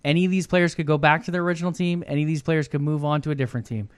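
A man co-hosts an esports news segment and works through each point in a measured, explaining manner. His voice sits a bit high for a man. The recording is dry and close. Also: fairly even intonation, clear, resonant tone, dry recording. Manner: measured, explanatory, asks rhetorical questions. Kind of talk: casual esports news discussion.

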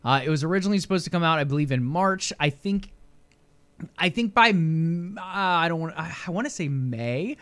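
Young male podcast co-host, slightly higher voice, casual and speculative. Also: animated, fairly quick, fairly bright tone. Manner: chatty, speculative, thinks aloud. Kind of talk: casual gaming chat.

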